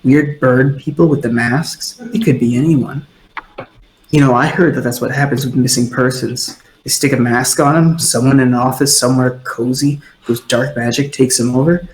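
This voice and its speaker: A man doing a hushed paranoid tavern conspiracist. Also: medium pitch, steady tone, normal speed, slight background noise, close to an everyday voice. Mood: conspiratorial. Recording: roomy echo.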